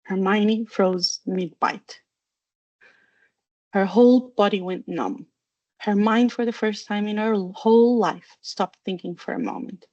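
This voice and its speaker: A woman reads a storybook aloud in an even, unhurried way at a middle pitch. The sound is dull and slightly muffled, dry with no room echo. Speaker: narrator. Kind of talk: storybook reading. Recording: dull, dry narration recording.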